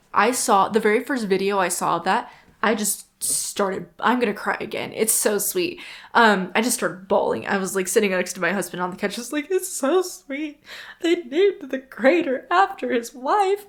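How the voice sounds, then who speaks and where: A young woman hosting a solo podcast in a casual, rambling, chatty way, often stopping to correct herself. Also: medium pitch. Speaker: podcast host.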